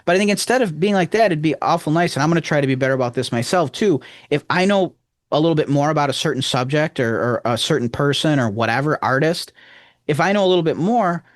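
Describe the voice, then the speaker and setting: Rochester-accented male co-host, earnest rambler, higher voice, dry close mic. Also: lively intonation, fast talker, dry recording. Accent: Rochester, New York. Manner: rambling, earnest, emphatic swings in pitch. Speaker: podcast co-host. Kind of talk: casual chat.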